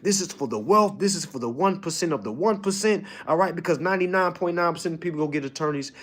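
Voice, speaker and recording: A man giving a casual, preachy motivational lecture to his students, tagging nearly every sentence with "all right?" and swinging from low mutters to loud urging. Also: quick pace. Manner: emphatic and preachy, constant "all right?" check-ins. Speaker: online course teacher.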